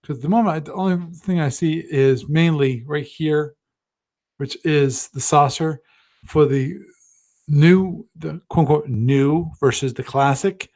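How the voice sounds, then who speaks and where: A man's voice: fairly high pitch, measured pace, a little mellow. A man hosting a live stream, chatting casually and thinking aloud, with frequent restarts and self-deprecating asides. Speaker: host of a gaming livestream.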